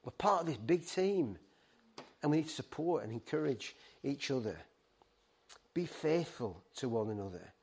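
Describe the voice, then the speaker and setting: A man's voice: mid-range voice, lively intonation, normal speed, a little mellow, husky. A middle-aged man preaching a sermon, earnest and pleading, stumbling over words and restarting. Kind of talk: sermon to a ministry team.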